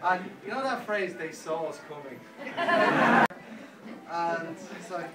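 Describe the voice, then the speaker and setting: A man giving a best man's speech at a wedding, telling a story and quickly acting out what others said. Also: high voice, big pitch swings, heavy background noise. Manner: anecdotal, playing others' lines in quick quotes. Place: wedding reception hall. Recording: echoey hall, speaker far from mic, loud music.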